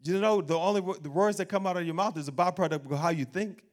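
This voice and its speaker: A pastor preaches an animated sermon, acting out doubting voices and laughing along the way. His voice is high and fast.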